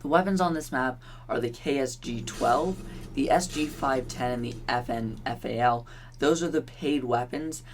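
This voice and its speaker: A man's voice: mid-range voice, normal speed, faint music behind. A young man from Canada hosting a gaming channel, talking through game content in a chatty, offhand way with ums and little laughs. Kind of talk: casual gaming commentary.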